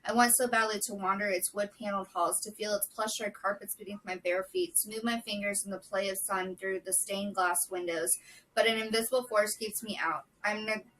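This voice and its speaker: A woman reading a novel chapter aloud in a steady, measured way, with brief casual asides. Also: mid-range voice, far from the mic, a little hiss or hum, rough recording. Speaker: book vlogger.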